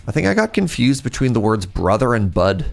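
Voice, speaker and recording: A man giving casual, excitable commentary while streaming a video game and chatting with his viewers. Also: mid-range voice, a little fast, creaky, faint music behind. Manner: excitable, chatty, talks to chat.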